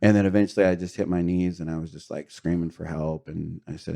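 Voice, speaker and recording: A man's voice: low voice, steady tone, fast talker, creaky, few pauses, mellow. A middle-aged man telling his personal story of relapse and recovery as a podcast guest, earnest and confessional, with fillers and short laughs. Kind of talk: candid personal testimony.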